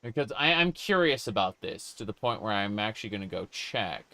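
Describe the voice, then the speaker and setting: Brisk and sharp-toned, this streamer's voice sits on the low side with big pitch swings. He casually narrates his live gameplay, reads chat aloud, and plays along with jokes in character.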